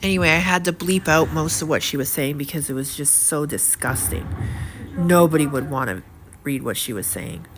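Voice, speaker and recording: A woman's voice: low voice, normal speed. A middle-aged woman talking to camera in a rambling, indignant way, with many fillers and repeated words. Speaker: vlogger. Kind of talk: casual monologue to camera. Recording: steady audible background noise.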